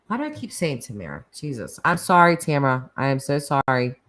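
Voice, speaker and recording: A middle-aged woman hosts a casual live chat, taking callers. Her voice sits low, and she talks in a chatty, meandering way, laughing often and restarting her sentences. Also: wildly swooping pitch, a little fast, a bit bright, rough recording. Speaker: live stream host.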